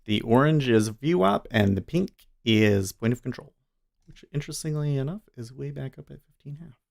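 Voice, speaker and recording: A man hosts a relaxed livestream, chatting loosely and often breaking into laughter. His voice is gravelly with vocal fry, at an ordinary male pitch. His thoughts wander and trail off as he talks. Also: moderate pace. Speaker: streamer and day trader. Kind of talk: casual livestream commentary.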